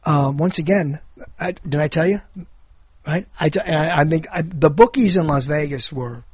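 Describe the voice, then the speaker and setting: A man's voice: on the high side, normal speed, darkish tone, slightly rough, no room sound. A man hosting a show in casual comedic chat, rambling and jokey, now and then slipping into silly voices. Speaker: show host.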